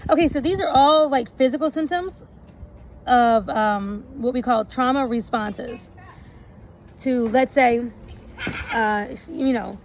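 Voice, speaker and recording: A woman recording a relationship vlog outdoors, reading out points slowly and adding chatty asides. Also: on the high side, darkish tone, poor audio. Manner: reads lists slowly, adds chatty asides. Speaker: relationship vlogger. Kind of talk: casual talk, reading points aloud. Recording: outdoor recording with noticeable background noise.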